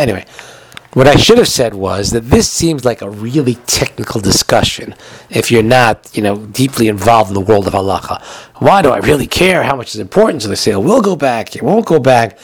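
A man's voice: mid-range voice, no echo. A man giving a recorded halacha lesson in a chatty way, explaining with everyday examples, and he has the hiccups. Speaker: Torah teacher.

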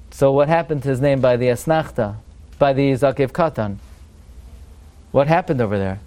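A man teaching a Torah class, quizzing his students and chanting verses slowly as he explains. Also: a little high, a little mellow.

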